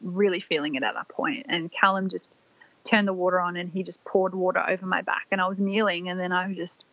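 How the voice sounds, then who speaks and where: A young Australian woman, a podcast guest, telling a personal story in a soft, rambling way full of "like" fillers. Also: fairly low pitch, no echo. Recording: dry, slightly dull lo-fi audio.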